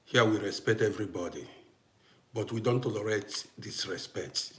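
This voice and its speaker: A man's voice: fairly low pitch, moderate pace, a little hiss or hum. African man live-streaming, roomy sound. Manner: talks to viewers in chat, grows heated and loud answering a critic. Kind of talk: casual live-stream chat. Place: home in Austria.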